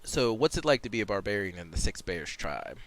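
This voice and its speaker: A man's voice: fairly low pitch, sing-song, fairly quick. A man casually reading and commenting on a role-playing game, rambling with lots of fillers and restarts. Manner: rambling, many fillers and self-corrections. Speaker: let's play streamer.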